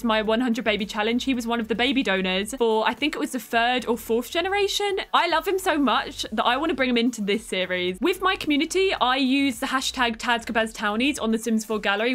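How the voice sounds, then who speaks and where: A young woman chats her way through a game, voice pitched a little high. She exclaims often and turns exasperated fast, never stiff or scripted. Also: a bit bright. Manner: chatty, exclamatory, quick to get exasperated. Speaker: gaming YouTuber. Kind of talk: casual gameplay commentary.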